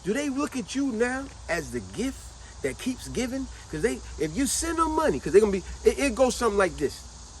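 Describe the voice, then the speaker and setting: Emphatic middle-aged woman, lively high voice. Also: normal speed, slight background noise, low-quality recording. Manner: emphatic, repetitive, drawls words for effect. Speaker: vlogger. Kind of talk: casual commentary to camera.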